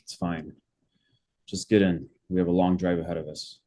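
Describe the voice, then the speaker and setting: A brusque, impatient driver in his late fifties, played by a man. His voice is very deep and dark, with a gruff edge, and it sits a little back from the mic. He keeps every line short. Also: steady tone, moderate pace. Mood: curt. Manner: curt and impatient.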